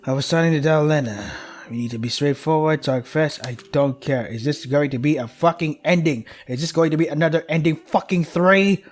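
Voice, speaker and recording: A man's voice: a little high, a little fast. A young man streaming a game, reading its text aloud and breaking off to swear and complain in exasperation, skipping lines with "yada yada".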